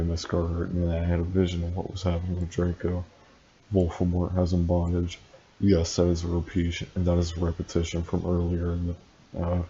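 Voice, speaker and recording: A man reads a story aloud for laughs in a deep, deadpan drone and drops sarcastic asides between lines. His voice is dark and low with hardly any rise or fall. The recording is a little dull, with a faint hiss underneath. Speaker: channel host reading fan fiction aloud. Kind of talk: comedic dramatic reading with commentary.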